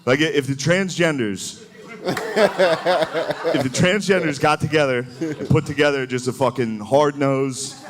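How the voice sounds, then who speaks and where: A man's voice: fairly high pitch, a little slow. A man doing a live stand-up set on stage, talking loosely, laughing at his own jokes and slipping into mocking voices. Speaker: stand-up comedian. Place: stage before a live audience. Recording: live show with crowd laughter. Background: audience laughing.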